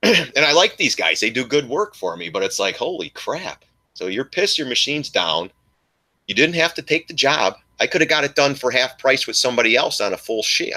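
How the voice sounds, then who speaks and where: A man's voice: medium pitch, pushed and bright. A man hosting a casual live stream, rambling and laughing as he rants and chats with viewers.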